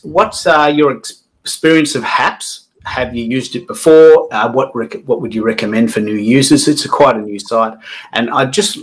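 An Australian man hosting a live stream, chatty and upbeat, rambling with frequent restarts as he welcomes guests. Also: mid-range voice. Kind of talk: casual live stream chat.

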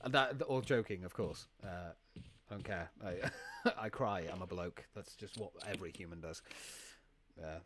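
A man's voice: low-pitched, moderate pace, noisy background. Rambling, sweary man streaming a game. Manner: rambling, sweary, grateful, laughs often. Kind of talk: live gameplay stream chat.

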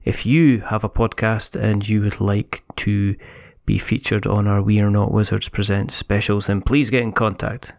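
Brief: low, gravelly man reading a flat show intro, dry close mic. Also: no echo. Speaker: podcast feed host.

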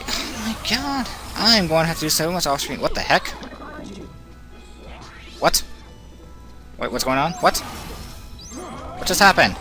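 A man giving casual, excitable commentary while playing a video game, talking to the character on screen and swinging between groans and cheers. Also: a little high. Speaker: let's play commentator. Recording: game music playing loud behind voice. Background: game music.

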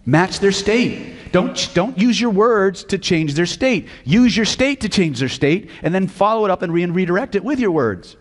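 A man's voice: sits high, animated, normal speed, few pauses, in a large hall. A man teaching hypnosis at a live seminar, blunt and profane, often quizzing the audience. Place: lecture hall with audience.

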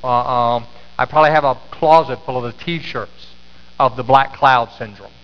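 A man's voice: medium pitch, steady tone, moderate pace. A middle-aged man preaching a sermon as pastor, telling a story with many restarts and fillers in a church sanctuary. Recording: echoey sanctuary, slightly dull sound.

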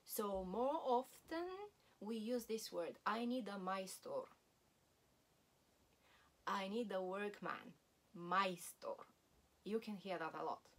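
A woman teaching a language lesson, repeating each word slowly and deliberately so learners can practise. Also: medium pitch.

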